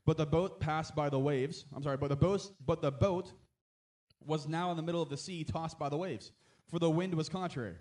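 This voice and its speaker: Male pastor, sermon, quick delivery, higher voice, casual amens and asides. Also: darkish tone. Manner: conversational preaching with frequent amens and asides; rises to emphatic exhortation.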